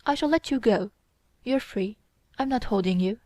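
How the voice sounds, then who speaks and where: A woman's voice: fairly high pitch, animated, normal speed, dark tone, no room sound. A woman voicing a cold, contemptuous young woman in an audiobook, speaking in a commanding way. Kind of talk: audiobook character reading.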